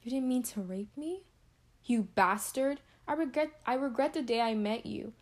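A woman's voice: fairly high pitch, normal speed. A woman playing a furious young woman confronting the man who hurt her, in a drama rehearsal. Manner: angry, accusing.

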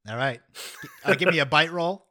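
Bright-voiced game master man. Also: a little high. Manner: chuckling, halting, with restarts. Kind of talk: narrating a tabletop game.

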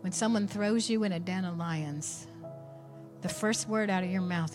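A woman preaching a sermon, telling a story with animated swings from quiet asides to near shouts. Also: on the low side, normal speed, over music.

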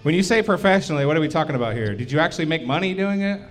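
Teasing comedy show host, lively pitch. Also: male voice, racing, soft background music. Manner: teasing questions to the comic. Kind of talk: live comedy show banter.

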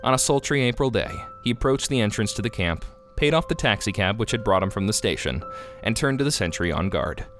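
A man narrating a classic short story as a podcast reader, expressive and measured. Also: on the low side. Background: guitar music.

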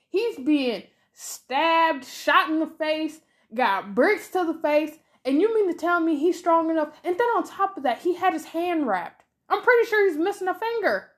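High-voiced woman ranting about a movie. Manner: animated, exasperated ranting. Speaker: podcast co-host. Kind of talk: casual movie review chat.

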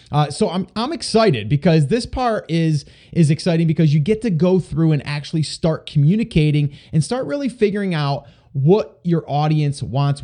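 Upbeat mellow-voiced male podcast host. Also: on the high side. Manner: upbeat, energetic. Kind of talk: casual podcast chat.

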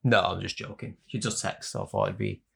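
A man's voice: on the low side, fairly even intonation, fairly quick, vocal fry, husky. A young man co-hosting a podcast, teasing and telling stories in casual chat. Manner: teasing, storytelling. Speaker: podcast co-host.

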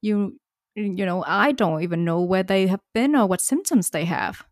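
A woman's voice: medium pitch, normal speed, no room sound, studio quality. A woman pharmacist chatting casually, hesitant and full of fillers. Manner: hesitant, lots of fillers, laughs easily. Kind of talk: casual podcast chat.

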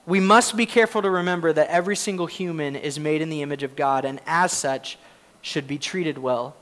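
A man's voice: on the high side, brisk, fairly bright tone. A man preaching a sermon as pastor, earnest and conversational, with frequent fillers and self-deprecating laughs.

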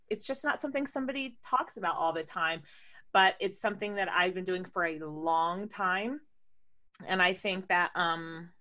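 A woman's voice: on the low side, pushed and bright. A woman co-hosting a podcast in casual chat, candid and playful, laughing often as she explains things step by step. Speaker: podcast co-host.

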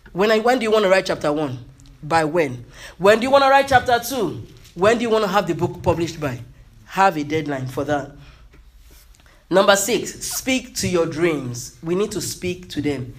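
Man, high pitched, emphatic preacher, repeats key phrases, motivational sermon.

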